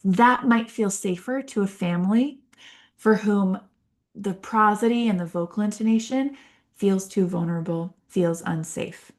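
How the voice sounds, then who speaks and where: A woman's voice: medium pitch, a little slow. A woman hosting an unscripted speech-therapy podcast, talking animatedly and demonstrating rhythmic speech. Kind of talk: unscripted solo podcast talk.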